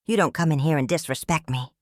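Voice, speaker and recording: A woman's voice: low voice, quick pace, dry recording, studio quality, close to an everyday voice. A woman voicing an enraged male TV host who shrieks in cracking outbursts while reading a scripted story. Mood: furious.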